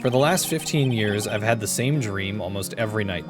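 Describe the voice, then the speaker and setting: A streamer voicing a composed, haunted young male prosecutor in a measured, grave way, with game music behind. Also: mid-range voice, lightly acted.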